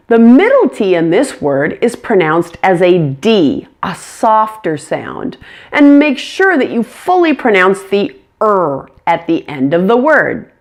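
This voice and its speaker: Slow, careful woman teaching. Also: mid-range voice. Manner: slow, careful, demonstrates sounds. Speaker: English pronunciation teacher. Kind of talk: pronunciation lesson.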